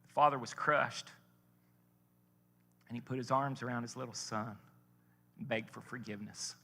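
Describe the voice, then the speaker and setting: A man's voice: mid-range voice, steady tone, normal speed, gravelly, bright, forceful tone. A man preaching a sermon, telling a story and asking the congregation questions. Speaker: pastor. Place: large church sanctuary. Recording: church hall reverb.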